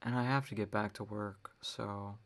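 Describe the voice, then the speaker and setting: At a moderate pace and with a steady, extremely low-pitched voice, a young woman carries her own podcast by herself. She talks casually, ranting, swearing, and laughing wryly.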